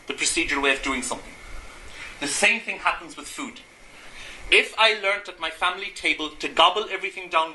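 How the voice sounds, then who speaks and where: Bright-voiced man lecturing in an echoey room. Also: on the high side, a little hiss or hum. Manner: asks the audience rhetorical questions, acts out everyday examples. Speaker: Gestalt therapist giving a talk. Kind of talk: lecture to a live audience. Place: room with an audience. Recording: echoey room, faint ambience.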